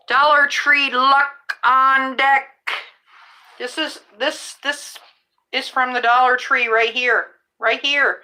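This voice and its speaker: Middle-aged woman, podcast host, high and bright, slow, rambling casual chat. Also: rough recording. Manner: rambling, restarts mid-sentence, chatty. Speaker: rideshare driver and podcast host.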